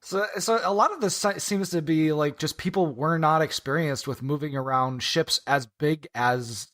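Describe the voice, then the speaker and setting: A man's voice: on the high side, normal speed, fairly bright tone, no room sound, studio quality. A male podcast host asking interview questions in a hesitant way.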